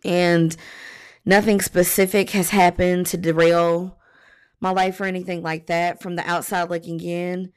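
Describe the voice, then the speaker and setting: Woman podcast host, slightly low voice, tired, frank and reflective, unhurried with pauses. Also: little pitch movement, clean tone. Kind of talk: candid podcast monologue.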